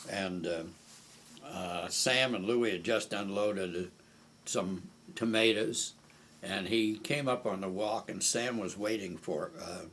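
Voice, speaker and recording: An older man from Omaha telling stories from memory in an oral history interview, unhurried and pausing often with "uh". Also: lowish voice, fairly bright tone, slight background noise. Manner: unhurried, with frequent hesitations. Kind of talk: reminiscing storytelling.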